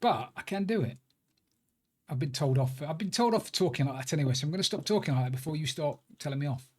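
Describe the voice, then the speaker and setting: A man's voice: a little high, animated, fast, a little mellow, slightly rough. A man chatting casually and joking at his own expense while he streams a video game. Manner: chatty, self-deprecating banter. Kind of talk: casual live-stream commentary while gaming.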